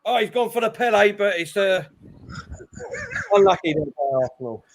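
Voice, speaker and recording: A man hosting a live football watchalong, calling the play and getting loud at big chances. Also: high voice, normal speed, gravelly. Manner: excitable, shouts at big chances. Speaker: watchalong host.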